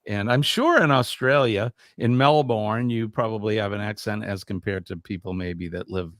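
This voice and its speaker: A man's voice: on the low side, normal speed, a bit bright, no room sound, clean studio sound. A man hosting a casual live quiz stream, reading viewer comments aloud in an upbeat way.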